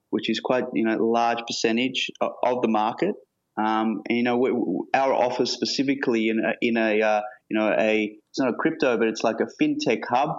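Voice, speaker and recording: An Australian man from Sydney, a guest from a project team, explaining loosely with lots of fillers over a remote call. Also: medium pitch. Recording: muffled remote call line.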